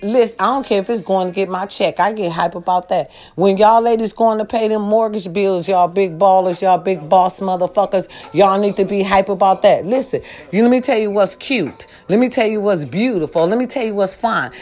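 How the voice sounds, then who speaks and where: An older woman giving a loud, sassy, profane pep talk to her followers. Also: mid-range voice, brisk, hardly any pauses. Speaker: vlogger.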